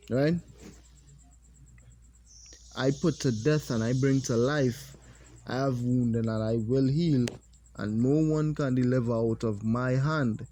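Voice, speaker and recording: A man teaching a religious lesson, reading scripture slowly and deliberately and pausing to comment. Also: mid-range voice, mellow.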